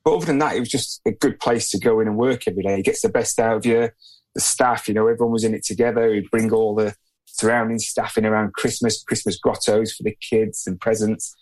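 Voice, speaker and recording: A man who is a podcast guest, answering in a relaxed, plain-spoken way and often hedging with "I guess". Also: fairly low pitch, fast. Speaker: podcast guest, former footballer. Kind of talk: casual interview answers.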